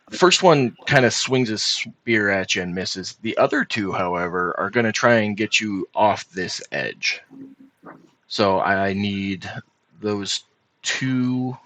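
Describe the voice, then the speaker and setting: A man's voice: fairly low pitch, slow, a bit bright. A man narrating as dungeon master of a tabletop game, easygoing and laughing often, heard over a voice call.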